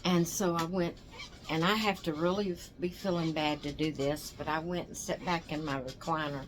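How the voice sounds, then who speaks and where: Older female vlogger, exhausted and rambling, slightly low pitch, faint background noise. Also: steady tone, moderate pace. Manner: rambling, tired, yawning. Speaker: doll channel host. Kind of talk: casual chat to camera.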